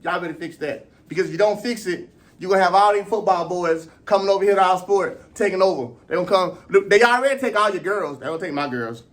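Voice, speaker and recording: A man runs his own sports vlog, riffing on track and field. He talks in a loose, slangy way, exclaiming a lot, and his voice sits very high. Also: fast talker. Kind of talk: casual sports commentary.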